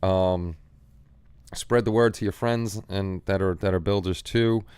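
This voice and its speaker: Male livestream host, low smooth voice, rambling casual chat with viewers, dry close sound. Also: fairly even intonation, a little slow, a little mellow, dry recording. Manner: rambling, repeats words, reads chat aloud.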